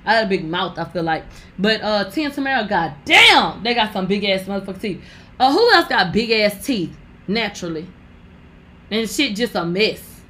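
A woman's voice: medium pitch, lively intonation, normal speed, bright, forceful tone. A young woman giving brash, profane gossip commentary, talking straight to her viewers. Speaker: commentary vlogger.

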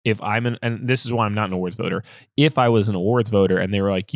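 Casting: young male podcast co-host, lively storyteller, dry close mic. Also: on the low side, fast, no echo. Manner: animated storyteller who acts out quotes. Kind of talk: casual film chat.

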